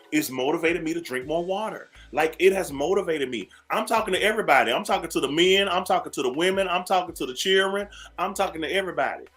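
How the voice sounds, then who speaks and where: A man with a fairly high, slightly bright voice hosts a morning radio show in talk radio rant mode. He lectures listeners sassily, calls them "baby," and leans on repeated phrases for emphasis.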